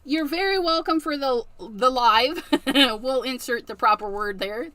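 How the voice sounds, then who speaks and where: A middle-aged woman hosting a casual craft livestream, chatty and quick to laugh. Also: high-pitched, bright, forceful tone, no room sound.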